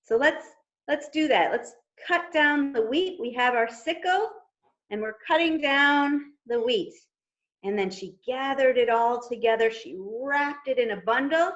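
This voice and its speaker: A woman leads an interactive storytime for very young children and gently invites them to act along. She talks slowly in a slightly high voice. The audio is dull and lo-fi, like a video call. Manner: gentle, coaxing, asks children to join in.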